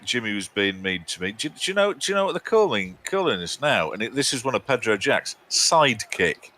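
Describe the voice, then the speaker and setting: A man's voice: on the low side, very animated, moderate pace, hardly any pauses, bright, forceful tone, a little hiss or hum. A man co-hosting a live game stream, chatting casually with a teasing, rambling manner and mock outrage. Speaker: co-host.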